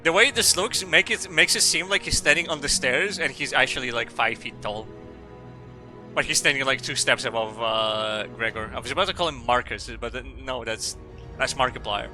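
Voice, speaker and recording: A male streamer with a bright, sharp voice talks loosely while he plays. He drifts into crude jokes and rambling asides full of fillers. Faint game music plays underneath. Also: mid-range voice, normal speed. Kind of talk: casual gaming commentary, reading game dialogue aloud.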